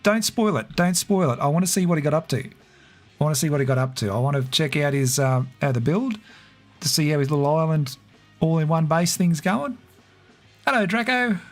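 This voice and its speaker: A man chatting casually while streaming a game, greeting viewers by name and laughing often. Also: on the high side. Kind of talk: casual livestream chat.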